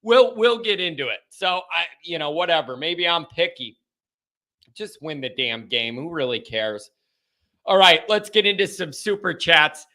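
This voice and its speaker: A young man hosting a fan call-in livestream, talking in an energetic, jokey, casual way. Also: on the high side, measured pace. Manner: hyped, jokey, sings a goofy jingle. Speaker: host of a fan call-in show.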